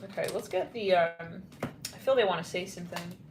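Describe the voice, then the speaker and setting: A woman's voice: on the low side, a little fast, echoey room, very noisy. A woman giving a casual tarot reading, rambling and blunt with lots of fillers. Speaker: tarot reader.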